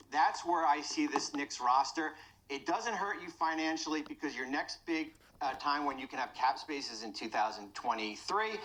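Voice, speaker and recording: Measured, matter-of-fact male analyst. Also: fairly high pitch, fairly bright tone, a little hiss or hum, low-quality recording. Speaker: sports analyst. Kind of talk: sports talk analysis.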